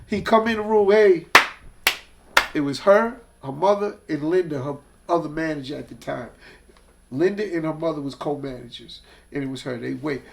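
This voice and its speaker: A man's voice: fairly high pitch, brisk, gravelly, a little hiss or hum. A man, a guest telling casual, profane stories and acting out the people in them. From Hollis, Queens, New York. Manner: animated, profane, acts out voices in stories. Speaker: guest, music executive. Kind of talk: casual storytelling.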